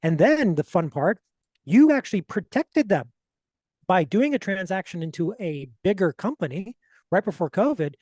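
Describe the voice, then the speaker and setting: A man's voice: high voice, sing-song, moderate pace, a little mellow, no echo. A man hosting a podcast interview, affirming his guest in a loose way, full of "like" and "right?". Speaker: podcast host. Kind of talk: interview talk.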